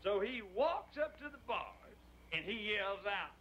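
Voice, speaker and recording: An actor playing a rowdy biker gang member who tells jokes in a drawn-out, boisterous way in 1960s film dialogue. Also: male voice, high voice, big pitch swings. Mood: joking. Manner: boisterous joke-teller, drawn-out delivery. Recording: dull old film soundtrack with hiss.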